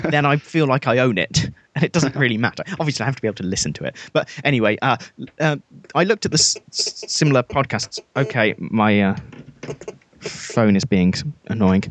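A man's voice: medium pitch, animated, a little fast, dry recording. A British man co-hosting a podcast in casual, rambling, self-deprecating chat. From Britain. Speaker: podcast co-host.

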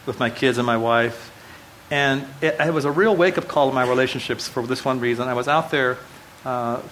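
A man's voice: medium pitch, fairly bright tone, a little hiss or hum, low-quality recording. A middle-aged man preaching a sermon to a live audience, telling personal stories in a casual way with self-deprecating jokes and asides to the listeners. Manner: conversational storytelling with self-deprecating humor; frequent restarts and asides to the audience. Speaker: pastor. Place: church hall before a live audience.

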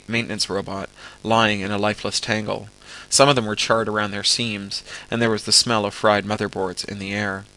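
Gravelly man reading a story aloud. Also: fairly low pitch, low-quality recording. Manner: steady storytelling with acted dialogue. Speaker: audiobook reader.

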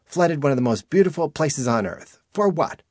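A man's voice: on the high side, big pitch swings, normal speed, a little mellow, no room sound, studio quality, voice pushed up. A man voicing a stolid, earnest village woman who speaks in a plain, matter-of-fact lecturing way.

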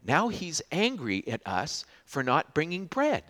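A man preaching a sermon as a pastor, telling the story with lots of restarts and swings from loud to hushed. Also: a little high, wildly swooping pitch, measured pace.

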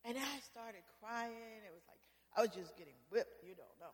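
A woman with a Southern US accent sharing a lively personal testimony before a congregation, laughing as she tells her story. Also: medium pitch, normal speed. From Southern United States. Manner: animated, laughing, storytelling with quoted self-talk. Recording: echoey hall.

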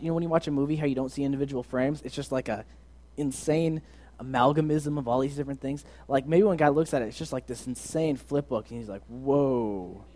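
Mellow-voiced young man preaching casually. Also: mid-range voice. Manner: earnest, conversational, swings from loud to soft. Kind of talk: casual sermon.

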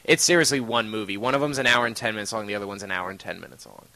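A man's voice: on the low side, very fast, sharp tone. A man hosting a casual podcast chat, rambling and profane with lots of fillers. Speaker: podcast host.

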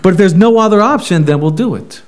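Emphatic preacher with a higher voice. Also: male voice, expressive, fast. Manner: emphatic, with rhetorical questions. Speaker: pastor. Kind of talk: sermon.

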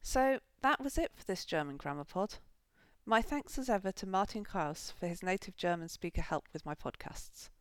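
A woman hosting a podcast, giving a scripted, measured German grammar lesson. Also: medium pitch, expressive, dry recording. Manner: measured, clear explanatory delivery.

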